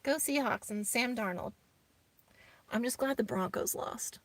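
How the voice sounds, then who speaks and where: A woman's voice: fairly high pitch, measured pace, dry recording. A woman chatting casually on a live stream from her minivan, reading viewer comments aloud and calling them "y'all". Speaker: vlogger hosting a live stream. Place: inside her minivan, camping off grid outdoors.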